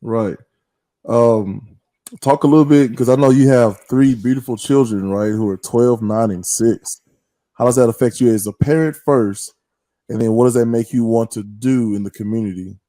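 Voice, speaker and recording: Dark-toned, playful male host. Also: mid-range voice, fairly even intonation, moderate pace, dry recording. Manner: playful, teasing. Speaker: podcast host. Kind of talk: casual interview hosting.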